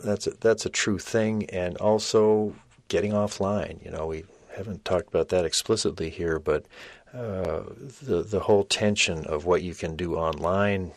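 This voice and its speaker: An older man hosting a podcast, reflecting thoughtfully and haltingly with many fillers. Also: low voice, steady tone, no echo. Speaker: podcast host.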